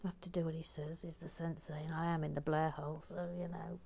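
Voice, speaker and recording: A woman's voice: low-pitched, little pitch movement, fast, gravelly, background noise. Playful woman reading chat. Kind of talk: casual chat.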